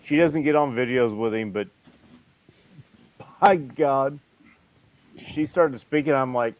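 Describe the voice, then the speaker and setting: A man's voice: mid-range voice, takes it slowly, pauses often, a little mellow, poor audio. A man hosting a casual group chat, telling stories and cursing freely. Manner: profane storytelling. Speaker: host.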